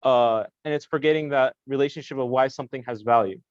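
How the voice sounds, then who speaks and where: A man's voice: mid-range voice, quick pace, clean tone, no echo, highs cut off. A young man in a study discussion, thinking aloud in a searching way with many restarts. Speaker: student in a study session.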